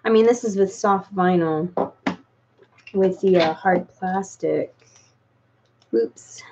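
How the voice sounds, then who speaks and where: A woman's voice: medium pitch, takes it slowly, mellow, lo-fi sound, slight background noise. A woman chatting casually to her viewers, rambling with many "like"s and false starts. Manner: rambling with many likes and restarts. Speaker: doll collector vlogger. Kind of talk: casual unscripted chat.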